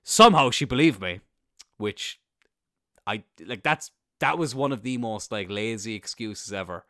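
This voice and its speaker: A young man with an Irish accent telling a rambling story in a casual monologue, swearing freely and bursting into excited laughter. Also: on the low side, measured pace, no echo, studio quality. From Ireland. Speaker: podcast host.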